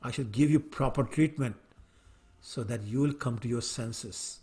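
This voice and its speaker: A man's voice: mid-range voice, unhurried, close to an everyday voice. A man voicing an arrogant, hot-tempered king who mocks and scolds a servant in a retold story. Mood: furious. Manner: sarcastic, then yelling and scolding.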